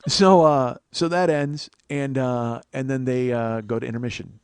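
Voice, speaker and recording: A man's voice: medium pitch, fairly even intonation, normal speed, clear, resonant tone, no echo. A man in his forties hosting a comedy podcast, telling long rambling stories with plenty of swearing and self-mocking asides. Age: 40s. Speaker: podcast host. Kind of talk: comedic storytelling monologue.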